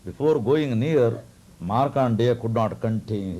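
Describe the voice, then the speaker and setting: A man who is a spiritual teacher, telling a devotional story in a lilting way with soft chuckles. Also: mid-range voice, animated, measured pace, pauses often, slightly rough.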